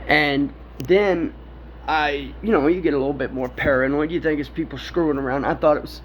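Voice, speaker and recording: A man with a fairly high-pitched voice talks briskly, recounting a personal encounter in a rambling, profane way and laughing often. The recording is dull and lo-fi, with faint background noise.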